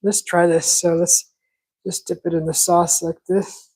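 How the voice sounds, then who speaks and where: A woman hosting a casual cooking vlog, rambling in a relaxed way with many fillers and restarts. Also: fairly low pitch, unhurried, rough recording. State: talking with mouth full at times. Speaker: cooking channel host.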